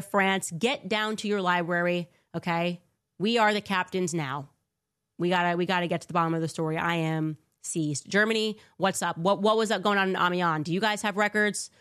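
A woman's voice: lowish voice, fairly quick, fairly bright tone. A woman hosting a live commentary stream, fired-up and sarcastic, often mocking others in put-on voices. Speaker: show host. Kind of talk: livestream commentary.

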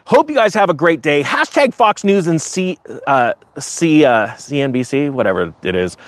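Male livestream host, sarcastic ranter, voice jumps high when fired up, dry close sound. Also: no room sound. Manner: animated, sarcastic, rising to high excited pitch; rambling with many restarts. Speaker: crypto market livestream host. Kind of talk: casual livestream rant.

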